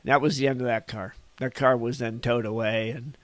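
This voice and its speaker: Guy in his 60s, from northern california, rambly folksy storyteller, mid-pitched voice, dry close sound. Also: fairly even intonation, brisk, no room sound. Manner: rambling, folksy, chuckles at his own stories. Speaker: podcast guest. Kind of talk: casual reminiscing storytelling.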